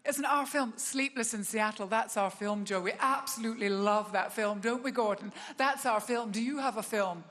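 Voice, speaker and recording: A woman's voice: a little high, normal speed, few pauses, fairly bright tone, long reverb tail, close to an everyday voice. A woman voicing an over-eager, besotted woman on a new date who agrees with everything in a breathless rush. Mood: gushing.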